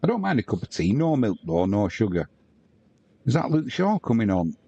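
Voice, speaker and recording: A man's voice: lowish voice, very animated, normal speed, warm tone, breathy edge, lo-fi sound. A man from the UK hosting a live match watch-along, chatting casually and reading viewer comments aloud with banter. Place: at home.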